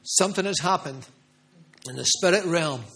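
Fervent male preacher, high voice. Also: moderate pace, creaky, a bit bright. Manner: fervent, emphatic, repeats phrases for stress. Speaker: pastor. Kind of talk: charismatic sermon with prophetic words.

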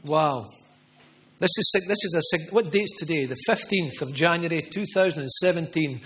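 A man's voice: fairly high pitch, moderate pace, sharp tone. A middle-aged man preaching a charismatic sermon with prophetic words, fervent and emphatic, repeating phrases for stress. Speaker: pastor.

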